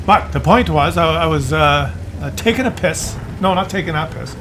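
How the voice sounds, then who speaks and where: A man's voice: a little high, moderate pace, background noise. A man giving casual gameplay commentary, rambling and joking as he drifts off topic. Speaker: gaming commentator.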